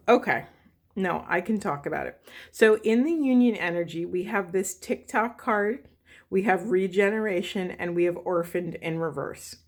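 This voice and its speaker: A woman's voice: lowish voice, unhurried. A woman talking through a spiritual tarot reading for her viewers, emotional and often correcting herself as she goes. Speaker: tarot reader.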